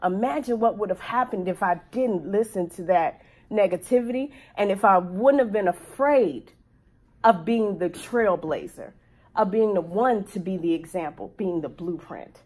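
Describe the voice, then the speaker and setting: A woman's voice: mid-range voice, moderate pace, a little mellow. A woman on a panel telling a personal story to a live audience, earnest and heartfelt. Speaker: panel speaker.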